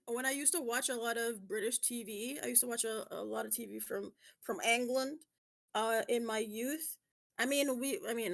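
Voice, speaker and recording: Bright, bubbly woman podcaster. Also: fairly high pitch, vocal fry, dry recording, clean studio sound. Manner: bubbly, laughing, blunt. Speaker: podcast co-host. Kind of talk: casual chat.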